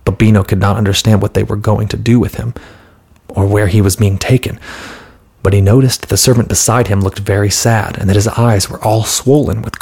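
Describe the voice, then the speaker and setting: Husky low-voiced male storyteller. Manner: calm, steady storytelling with light voices for characters. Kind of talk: scripted storybook narration.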